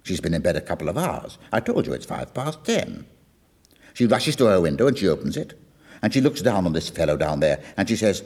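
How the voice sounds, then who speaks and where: Lively man telling a song's story. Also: low voice, brisk, slightly rough. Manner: storytelling, lively, acts out quoted lines. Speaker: music lecturer. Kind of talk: explaining a song with acted quotes.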